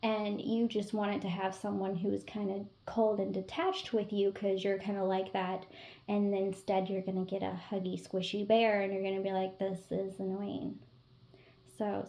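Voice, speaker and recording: A woman's voice: medium pitch, vocal fry, mellow, reverberant. A woman giving a casual, playful tarot-style reading to her viewers, with teasing asides. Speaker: tarot reader.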